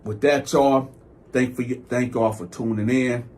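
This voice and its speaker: On his storytelling channel, a man tells viewers a story in a loose, slangy way, calling them y'all. He animatedly acts out both sides of the conversation, raising his pitch for his own lines. His pace is unhurried, with slight background noise.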